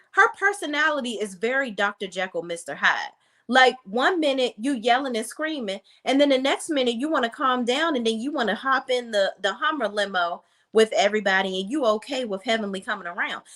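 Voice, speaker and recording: A woman's voice: on the high side, lively intonation, fairly quick, a bit bright. A woman hosting a reality TV review, recapping an episode in blunt, sassy casual commentary. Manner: blunt, sassy, talks straight to viewers.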